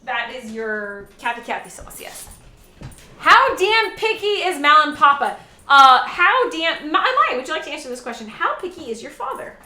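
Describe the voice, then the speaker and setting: A woman's voice: very high-pitched, big pitch swings, normal speed, bright, forceful tone, soft background music. A woman in her thirties chatting casually with her stream while cooking at home, rambling and swearing freely. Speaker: live streamer and mother. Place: home kitchen. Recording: echoey room.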